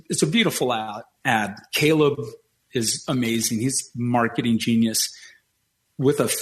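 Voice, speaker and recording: A man telling a long story on a podcast in an animated, casual way, acting out the people he quotes and swearing now and then. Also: mid-range voice.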